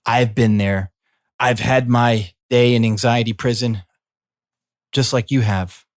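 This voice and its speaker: A middle-aged man, a coach and former healer, speaking in a slow, soothing reflective monologue. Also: mid-range voice, steady tone, dry recording, studio quality. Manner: slow, soothing, drawn-out phrasing. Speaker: coach and former healing practitioner.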